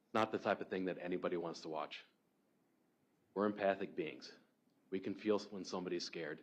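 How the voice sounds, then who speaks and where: A man giving a courtroom opening statement to a jury in a measured, persuasive way. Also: sits low, muffled recording. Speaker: defense attorney.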